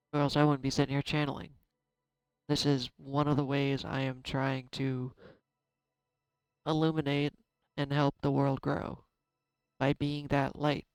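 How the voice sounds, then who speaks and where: A man giving a casual tarot card reading, chatty and self-deprecating, thinking out loud. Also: mid-range voice, level tone, unhurried, pauses often, clean tone, no room sound, low-quality recording. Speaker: tarot reader.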